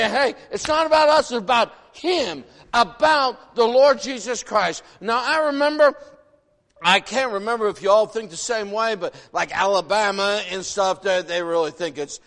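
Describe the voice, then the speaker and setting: A man in his sixties, originally from the northern United States, preaching a sermon in an animated, folksy way, full of rhetorical questions. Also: high-pitched. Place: church sanctuary. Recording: long reverb of a large hall.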